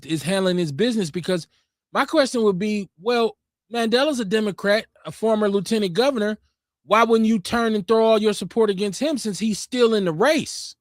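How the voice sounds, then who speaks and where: A man with a notably high speaking voice hosts a call-in show in casual, outspoken talk. He presses his points emphatically. The sound is close and completely dry, with no room around it. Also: dry recording. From Milwaukee, Wisconsin, USA.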